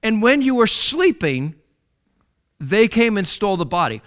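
Male preacher, high voice, very lively pitch, swings from loud to hushed, repeats key phrases. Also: unhurried. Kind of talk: sermon.

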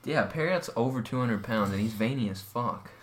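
A man's voice: mid-range voice, moderate pace. A young man telling stories in a casual podcast chat with friends, laughing as he talks and swearing freely. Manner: laughs while talking, animated storytelling, swears a lot.

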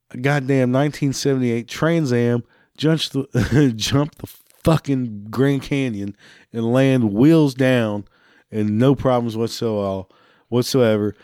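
Slow and resonant, this man's mid-range voice carries a dark, clear tone, recorded with studio quality and no echo. Hosting a talk show, he launches into an angry, heavily profane rant, occasionally laughing between lines.

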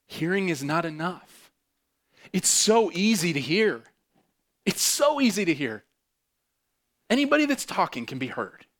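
Impassioned male preacher, loud then hushed. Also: fairly high pitch. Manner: impassioned, swings between loud bursts and hushed intimate tones; repeats phrases for emphasis. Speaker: pastor. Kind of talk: sermon.

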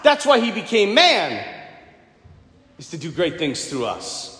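A priest giving a sermon, telling the story playfully and acting out the scenes. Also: male voice, high voice, huge pitch swings, unhurried, sharp tone. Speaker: Catholic priest. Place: church. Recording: echoey church from a distance.

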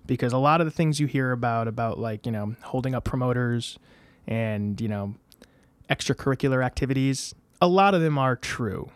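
Animated guy telling stories on a podcast, does the voices, dry close mic. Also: mid-range voice, moderate pace, clean tone, no room sound. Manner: animated, acts out quoted voices. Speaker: guest telling wrestling stories. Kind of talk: casual podcast storytelling.

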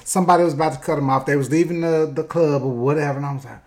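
Animated storytelling man. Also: on the high side, very fast, hardly any pauses. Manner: animated, acts out quoted voices loudly. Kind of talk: casual storytelling chat.

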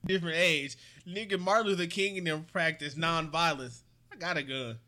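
A man's voice: fairly high pitch, normal speed, bright, forceful tone. Provocative young man joking around. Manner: joking, provocative, laughs often. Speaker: podcast co-host. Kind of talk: casual chat.

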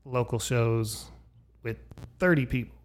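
A man hosting a podcast, chatting casually and telling animated stories from his past. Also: medium pitch, unhurried. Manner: storytelling, animated retellings. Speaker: podcast host. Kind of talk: casual conversation. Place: his mother's house.

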